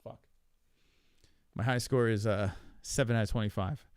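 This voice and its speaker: A man hosting a casual podcast, thinking aloud while he plays a quiz, with lots of swearing, fillers and halting repeats. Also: on the low side, a little mellow, clear, resonant tone, no echo, clean studio sound. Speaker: podcast host. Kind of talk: casual chat while playing an online quiz.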